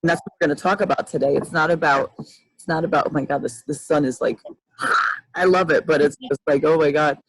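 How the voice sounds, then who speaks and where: A woman's voice: deep voice, brisk, breathy edge, dry recording, poor audio. A woman in her fifties hosting a casual livestream chat over a video call, rambling and restarting often. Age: 50s. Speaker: host, life coach.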